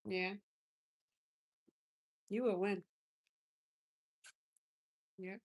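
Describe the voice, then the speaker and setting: A woman's voice: mid-range voice, steady tone, very slow, dull audio. A young woman doing a casual makeup livestream from her car, talking effusively with viewers and reacting to gifts. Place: inside a car.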